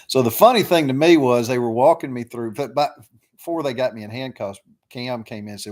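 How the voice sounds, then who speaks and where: A man's voice: medium pitch, fairly quick, darkish tone. A middle-aged man, casually rambling through stories on a live chat, with lots of fillers. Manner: rambling, drawling with many fillers. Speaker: live stream host.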